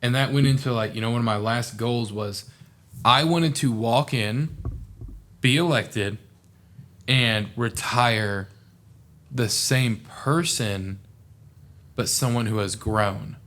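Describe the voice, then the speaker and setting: Taking it slowly and pausing often, this young man has a mid-range voice with a touch of brightness. A former student officer from southeast Oklahoma, he's a podcast guest in a casual interview, speaking in a heartfelt, meandering style thick with "like".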